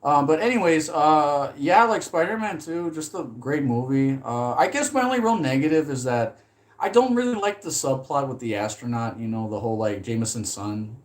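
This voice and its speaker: Speaking at a moderate pace in a medium-pitched voice, a man rambles on a live stream about his favorite films. "Like" comes up constantly, and excitement makes him swear.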